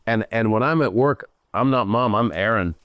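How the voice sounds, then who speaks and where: A middle-aged Irish man hosting a show, coaching a guest in an animated, emphatic way. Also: fairly low pitch, moderate pace, smooth, no echo. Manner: animated, emphatic, slips into playful voices for others. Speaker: host and business coach. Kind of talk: live coaching Q&A.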